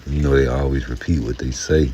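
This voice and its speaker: Brief: low, mellow-voiced man, loose profane rant, faint hiss behind. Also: steady tone, brisk, lo-fi sound. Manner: profane, rambling, slips into mocking put-on voices. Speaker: boxing commentator. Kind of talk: casual rant to camera.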